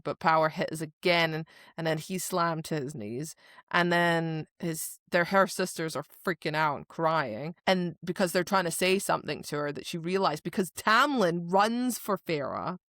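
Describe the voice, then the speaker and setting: A woman co-hosting a casual book podcast, animated and acting out characters' lines as she retells the story. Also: low voice, moderate pace, no echo, studio quality. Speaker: podcast co-host. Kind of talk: casual book-club chat.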